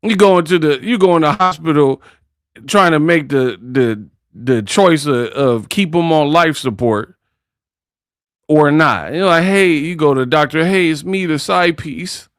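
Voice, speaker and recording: Brief: male stream host, mocking slangy rant, unhurried, dry close sound. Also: on the high side, lively intonation, no echo. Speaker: boxing commentary livestream host. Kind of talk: casual livestream rant.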